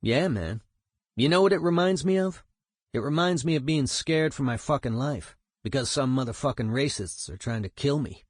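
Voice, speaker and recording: A man's voice: medium pitch, expressive, normal speed, dry recording, clean studio sound, natural voice. A man voicing a streetwise male punk musician, telling a story in a profane, emphatic way. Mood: animated.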